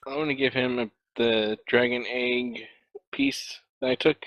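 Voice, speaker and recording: A man speaks as a tabletop game player and often stops to rephrase. His voice sits in a middle pitch. The recording is dry and close. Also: steady tone, unhurried, a bit bright, no echo, low-quality recording. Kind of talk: casual tabletop play.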